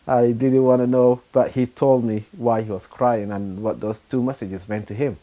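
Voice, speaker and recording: A middle-aged man from Sudan, giving a personal testimony in a halting, unhurried way with frequent pauses and fillers. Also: mid-range voice, fairly even intonation, dark tone. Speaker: churchgoer giving his testimony.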